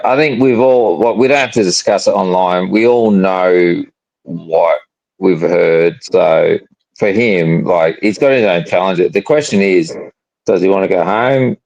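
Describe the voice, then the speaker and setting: A man in casual chat on a call, making his points in a measured, reasoning way. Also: sits low, vocal fry, a little mellow, dull audio.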